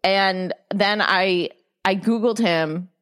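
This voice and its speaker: A woman's voice: medium pitch, slow pace, fairly bright tone. A young adult woman talking candidly as a podcast guest, swearing casually and restarting her sentences.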